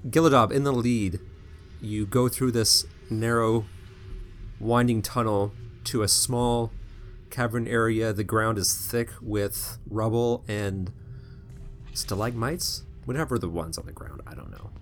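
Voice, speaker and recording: A man's voice: lowish voice, unhurried, a little hiss or hum. A man narrating as game master of a tabletop game, describing scenes in an easygoing way with joking asides.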